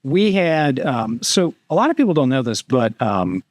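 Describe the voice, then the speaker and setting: A man's voice: medium pitch, sing-song, normal speed, no room sound, clean studio sound. A man, a retired army captain and guest, telling long rambling war anecdotes in a casual podcast interview, padding with fillers. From United States. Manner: rambling anecdotes padded with "too" and "and everything".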